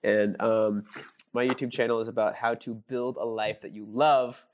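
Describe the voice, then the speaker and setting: A man's voice: mid-range voice, level tone, normal speed. A young man with a mid-range voice talks as a podcast guest. He rambles through his stories with fillers and restarts and laughs easily. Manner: rambling storytelling, laughs often. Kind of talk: casual podcast chat.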